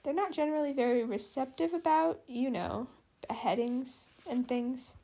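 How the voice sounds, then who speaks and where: An anxious, gentle young husband fussing over his wife, as a woman voices him. He speaks mildly and a little haltingly, with a touch of gravel in the tone. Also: high voice. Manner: anxious, mild.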